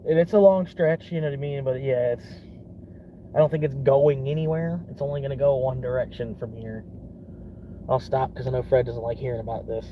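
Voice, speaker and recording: A man's voice: medium pitch, steady tone, brisk, phone-quality sound, a little hiss or hum. A young man from Florida in a casual rambling vlog, swearing often and laughing between thoughts. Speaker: vlogger.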